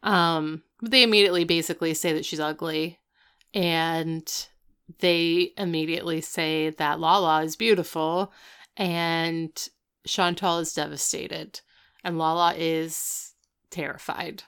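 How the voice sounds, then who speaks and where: Smooth low-voiced woman, chatty recap. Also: steady tone, a little slow, fairly bright tone. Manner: chatty, wry, lots of "like" asides. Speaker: podcast co-host. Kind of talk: casual TV episode recap chat.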